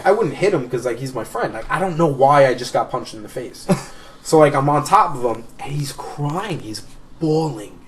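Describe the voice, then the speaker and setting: A man in his thirties, a tattoo artist guest, telling rambling, profane stories with frequent laughter in casual chat. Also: medium pitch. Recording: distant mic with crowd noise.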